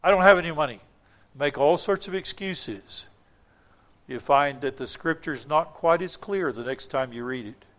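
An older man preaching a sermon, telling a personal testimony in an earnest way, building to emphatic points and dropping to quiet asides. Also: mid-range voice, a little slow.

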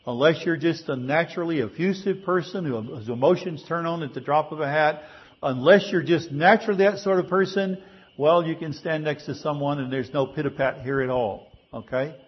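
A man's voice: on the high side, fairly quick, slightly rough, muffled recording. A male pastor preaching a sermon in a conversational way, asking his congregation rhetorical questions.

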